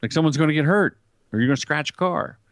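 A man's voice: a little high, fast, no echo, clean studio sound. A middle-aged man, a commercial director and comedian, telling anecdotes in an interview and acting out quoted lines. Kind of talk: storytelling interview talk.

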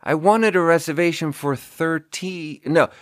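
Guy putting on a very old lady caller, high voice, shrieks on some vowels, dry sound. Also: measured pace, no room sound, lightly acted. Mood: shrieking. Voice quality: sudden shrieking bursts. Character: ninety-year-old woman caller screaming on vowels.

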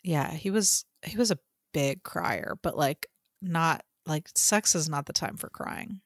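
A woman in her thirties co-hosting a podcast in casual chat, blunt and quick to swear and laugh. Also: sits low, dry recording, studio quality. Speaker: podcast co-host.

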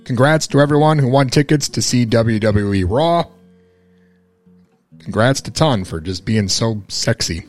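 A man's voice: medium pitch, expressive, a little slow, soft background music. A man co-hosting a podcast in casual chat, teasing with dry humor. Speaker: podcast co-host.

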